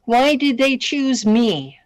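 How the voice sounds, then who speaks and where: A woman hosting an online radio talk show, speaking earnestly and halting with restarts. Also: on the high side, lively intonation, no echo, rough recording.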